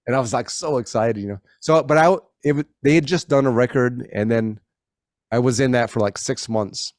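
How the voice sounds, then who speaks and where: A man's voice: medium pitch, moderate pace, a little mellow, no echo, clean studio sound. A middle-aged man telling anecdotes in a casual interview as a guest, with frequent restarts and self-corrections, and he acts out the voices he quotes. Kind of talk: casual conversational storytelling.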